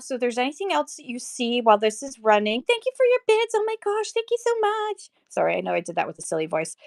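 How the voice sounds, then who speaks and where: A woman holding her phone indoors and chatting casually on a seller livestream, rambling and correcting herself with quick laughs. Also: mid-range voice, no room sound. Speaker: online live-auction seller. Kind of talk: casual livestream chat and demo. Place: indoor room with shelves. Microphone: handheld phone.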